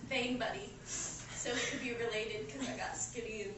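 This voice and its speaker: A young woman and former classmate speaking at a memorial vigil, remembering him fondly with small laughs and pauses. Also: a little high, fairly even intonation. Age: young adult. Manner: reflective and fond, with small laughs and hesitations. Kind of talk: eulogy. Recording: echoey room from far off, noisy.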